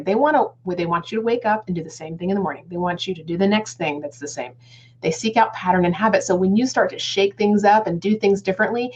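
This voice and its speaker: A woman's voice: medium pitch, a little mellow, slightly rough. Upbeat woman on a dull webinar line. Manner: enthusiastic, addresses viewers as friends and guys. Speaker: guest speaker on goal setting. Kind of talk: upbeat motivational live webinar talk. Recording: slightly dull lo-fi webinar audio.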